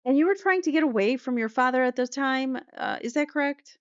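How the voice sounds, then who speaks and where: A woman's voice: high voice, expressive, fairly quick, clean tone, no room sound, voice pushed up. A woman reading as a pressing courtroom prosecutor. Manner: pressing, repetitive questioning. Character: pointed courtroom prosecutor cross-examining. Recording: slightly muffled dry recording.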